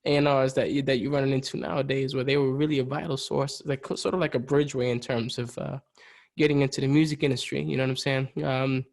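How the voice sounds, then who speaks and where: A man's voice: mid-range voice, flat delivery, fast, gravelly. A middle-aged man, a musician guest on a podcast, chatting casually and telling stories full of fillers and "you know". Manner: rambling storyteller, heavy fillers, frequent "you know". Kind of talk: casual chat.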